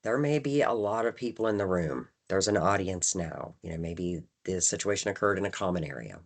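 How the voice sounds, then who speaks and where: Speaking a little fast in a very deep, expressive voice, a woman presents a staff training. Her delivery is chatty, full of "right?" check-ins, with phrases acted out and emphasis that keeps shifting.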